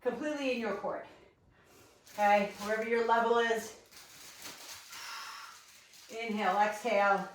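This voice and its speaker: A woman's voice: fairly high pitch, steady tone, measured pace, pauses often, slight background noise. Breathless, chatty woman coaching a workout. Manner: encouraging, chatty cueing with frequent laughs. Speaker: fitness instructor. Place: home living room. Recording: echoey room, mic at a distance.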